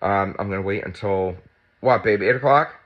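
Low-voiced blunt man on a dull recording. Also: moderate pace. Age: 50s. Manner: blunt, chatty, swears freely. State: sore and tight after surgery. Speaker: vlogger. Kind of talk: casual vlog talk. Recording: dull lo-fi sound.

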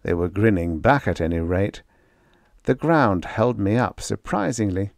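A man narrating a first-person story in a hard-boiled, expressive reading on a close mic. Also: fairly low pitch, creaky, no echo. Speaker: audiobook narrator.

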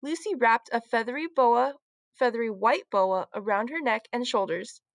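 A woman teacher reading a children's book aloud, with clear, expressive storytelling. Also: fairly high pitch, normal speed, no room sound.

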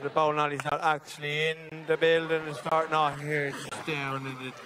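A man with an Irish accent doing stand-up comedy, talking in a manic, shouting way and acting out characters. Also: a little high, little pitch movement, a little fast. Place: theatre stage before a live audience. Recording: live show with audience noise.

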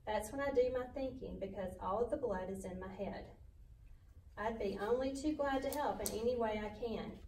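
A woman's voice: mid-range voice, normal speed, darkish tone, echoey room, distant mic, slight background noise, natural voice, low-quality recording. A woman voicing a timid young male pig. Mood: eager. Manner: pleading, worried.

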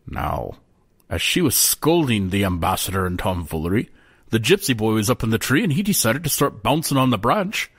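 Male storyteller, folk tale, animated, husky, swooping pitch. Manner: animated, folksy narration.

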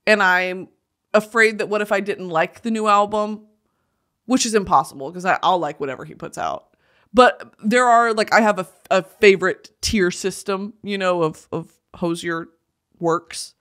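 A young woman hosting a podcast in casual chat, animated and gushing, laughing often and poking fun at herself. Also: mid-range voice, normal speed. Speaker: podcast host.

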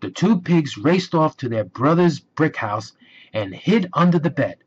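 Slow husky male storybook reader. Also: on the high side. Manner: slow, expressive read-aloud. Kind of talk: reading a children's storybook aloud. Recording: dull lo-fi recording.

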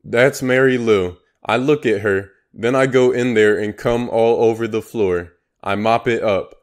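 A man's voice: mid-range voice, fairly even intonation, a little slow, close to an everyday voice. A man reading the part of a scruffy old male painter who talks bluntly and crudely. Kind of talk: audiobook character reading.

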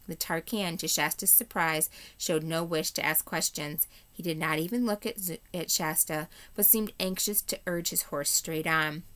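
A woman teacher reading a children's novel aloud to her class in an expressive storybook manner. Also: deep voice.

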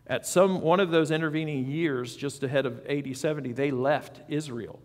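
Guy preaching a sermon, kinda high voice, talks like he's chatting, echoey church. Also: normal speed, darkish tone. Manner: conversational preaching with asides and quotes. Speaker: pastor. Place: church sanctuary.

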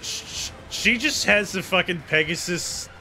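A man's voice: sits high, unhurried, pushed and bright, soft background music. A man chatting casually and joking over a game stream, laughing often. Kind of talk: casual gameplay chat.

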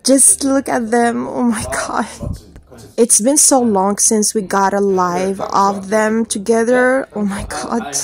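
A woman's voice: mid-range voice, takes it slowly, hardly any pauses, darkish tone. A woman hosting her own fan channel, gushing over a livestream with repeated exclamations. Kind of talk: fan reaction commentary. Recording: livestream audio and voices behind.

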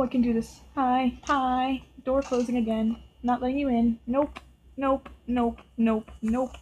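Woman let's-play host, nervous chatter at the game characters, higher-pitched voice, faint hiss on the track. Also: fairly even intonation, measured pace, darkish tone, poor audio. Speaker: gameplay video host. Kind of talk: casual let's-play commentary.

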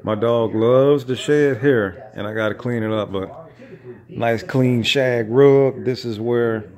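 A man's voice: mid-range voice, slow pace, darkish tone. A man making a casual home vlog in his living room, teasing his dog with playful trash talk and slang, filmed on a phone camera. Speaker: vlogger.

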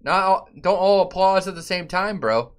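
A man streaming a game and chatting loosely with his viewers, profane and given to sudden loud outbursts. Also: high voice, lively intonation, normal speed. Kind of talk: casual live-stream chat.

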